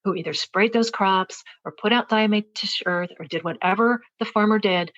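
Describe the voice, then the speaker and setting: Heard on a muffled recording, a podcast guest in her forties shares a personal story, reflective and earnest, frequently starting her sentences over. She speaks at medium pitch and normal speed, her tone a bit bright.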